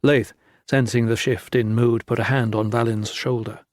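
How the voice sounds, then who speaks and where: A man narrates a fantasy novel in a steady, measured manner. His voice sits in an ordinary middle range. The recording is close and very dry, with no room sound. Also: mid-range voice, dry recording. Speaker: audiobook narrator. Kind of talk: scripted audiobook narration.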